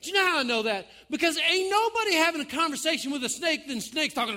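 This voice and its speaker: A man's voice: very high-pitched, lively intonation, fast talker, hardly any pauses, sharp tone. A man preaching a sermon in a folksy, joking way, speaking to his congregation. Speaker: pastor.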